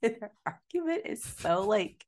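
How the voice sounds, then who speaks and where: A woman co-hosts a podcast, chatting casually about a movie in a mid-range, sing-song voice with a darkish tone at normal speed. She swears freely and slips into mocking impressions as part of the review talk.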